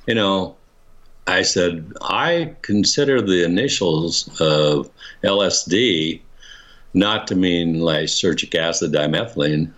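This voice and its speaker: A man's voice: deep voice, fairly bright tone. An older man being interviewed, telling a personal story in a rambling, casual way, with many restarts and chuckles. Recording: dull lo-fi recording.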